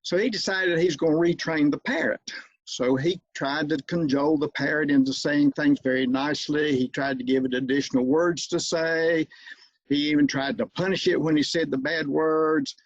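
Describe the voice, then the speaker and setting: A man's voice: fairly high pitch, steady tone, normal speed, dry recording, dull audio. A man telling a humorous anecdote in a folksy storytelling manner over a video call. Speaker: club speaker.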